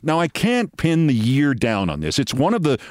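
A man's voice: mid-range voice, huge pitch swings, moderate pace, dry recording, studio quality. A man in his sixties hosting a show, telling a personal story in a wry monologue and acting out the voices of the people in it.

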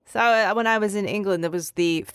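A woman co-hosting a podcast in casual chat, telling stories in an animated, profane way. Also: mid-range voice, a little fast, clean tone, no room sound, clean studio sound. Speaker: podcast co-host.

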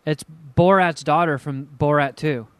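A man's voice: a little high, fairly even intonation, unhurried, smooth, dry recording. A man in casual podcast chat, teasing with crude jokes and telling rambling stories.

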